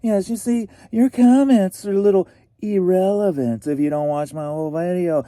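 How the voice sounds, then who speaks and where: A man's voice: sits high, moderate pace, warm tone, no room sound, voice pushed up, lightly acted. A man putting on a pompous, condescending know-it-all voice with a made-up posh accent. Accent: put-on posh accent.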